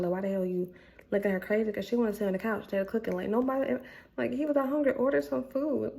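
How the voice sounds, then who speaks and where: A young woman with a gravelly, creaky voice and a dark, mellow tone vents to her camera. She talks in a blunt, exasperated way, tossing in filler words as she rants. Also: fairly high pitch, fast talker. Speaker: vlogger. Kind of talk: casual rant to camera.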